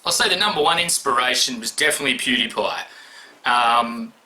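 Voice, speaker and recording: A man's voice: mid-range voice, animated, fairly quick, sharp tone, faint music behind. A man rambling bluntly in a casual vlog, swearing constantly as he answers questions. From Australia. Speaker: YouTuber answering award questions.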